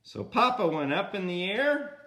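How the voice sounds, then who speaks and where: An older man reading a picture book aloud to a grandchild, pausing to point at the pictures and comment on them. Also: high voice, big pitch swings, sharp tone.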